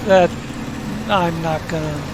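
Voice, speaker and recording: Man, gaming host, unhurried rambling commentary, slightly high voice, engine noise under him. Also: fairly even intonation. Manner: rambling, self-correcting, crude asides.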